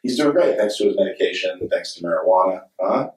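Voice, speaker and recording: A man's voice: low voice, lively intonation, brisk, darkish tone. A middle-aged man, an actor and director, telling candid rambling stories on a convention panel and laughing readily. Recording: echoey hall, distant mic.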